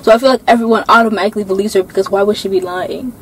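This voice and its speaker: A woman's voice: mid-range voice, fairly even intonation, rapid-fire, a little hiss or hum, poor audio. A young woman chatting casually, rambling with lots of fillers and laughs. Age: young adult. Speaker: co-host. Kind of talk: casual chat.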